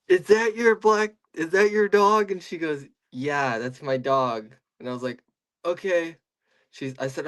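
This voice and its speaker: A young man in casual podcast chat, telling a long story with many restarts and fillers. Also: medium pitch.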